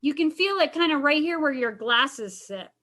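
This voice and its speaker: A woman's voice: sits high, animated, moderate pace, fairly bright tone. A woman counselor leading a casual wellness lesson over a video call, chatty and encouraging. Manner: chatty, encouraging, uses "kinda" and "like" often.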